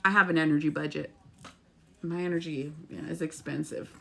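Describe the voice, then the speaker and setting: A woman with a low, creaky, fairly bright voice talks briskly and with fairly even intonation. She is a spiritual vlogger giving her viewers an emotional, earnest monologue that rambles and includes occasional swearing.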